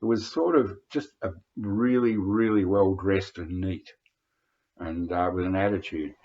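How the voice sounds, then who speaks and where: A man's voice: deep voice, measured pace, mellow. An older Australian man telling rambling anecdotes, hesitant, with many fillers and restarts. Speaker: vlogger reminiscing. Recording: dull lo-fi recording.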